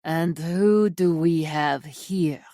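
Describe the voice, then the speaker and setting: A woman narrator voicing a lecherous, brutal male thug with a low, sneering, menacing delivery. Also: slow pace, vocal fry, mellow, no room sound, clean studio sound, heavily acted.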